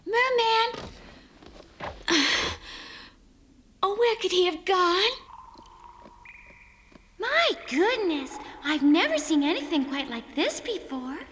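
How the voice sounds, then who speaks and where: A woman voicing a dreamy, excitable young female creature in a cartoon, speaking with dramatic, breathy flair. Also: very high voice, slow pace, pauses often, slight background noise, exaggerated voice. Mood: wondering. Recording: cartoon dub over clear music.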